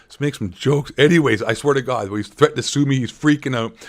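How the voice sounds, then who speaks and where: A man's voice: medium pitch, brisk. A young man hosting a sarcastic commentary vlog, rambling with joking asides. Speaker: gaming commentary channel host.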